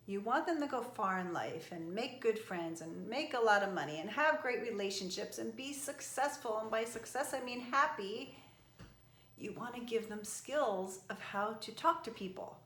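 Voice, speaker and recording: A woman's voice: on the high side, moderate pace, slight background noise. A middle-aged woman motivational speaker giving earnest, emphatic advice straight to camera. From from an Italian family. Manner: earnest and emphatic, with animated outbursts. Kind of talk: direct-to-camera advice talk. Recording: echoey room.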